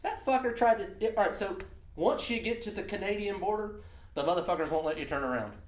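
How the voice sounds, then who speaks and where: A man's voice: high voice, quick pace, roomy sound. A man co-hosting a podcast, telling a profane road story in casual chat and laughing often. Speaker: podcast co-host.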